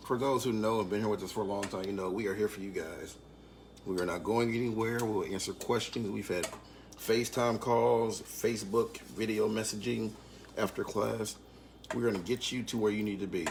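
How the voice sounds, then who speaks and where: A man leading a live online cooking class, calmly explaining each step. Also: fairly low pitch, moderate pace, slight background noise. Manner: calm step-by-step instruction.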